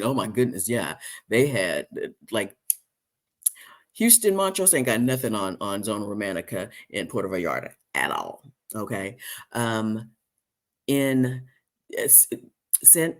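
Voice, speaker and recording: Chatty man rambling through a live stream. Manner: rambling, many fillers and restarts; jumps high when mimicking people. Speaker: host. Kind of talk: casual live-stream chat.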